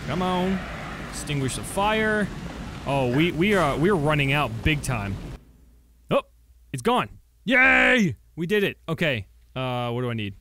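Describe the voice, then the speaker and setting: A young man giving excitable gameplay commentary as a let's play host, bursting into surprised shouts and swearing freely. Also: fairly high pitch, moderate pace.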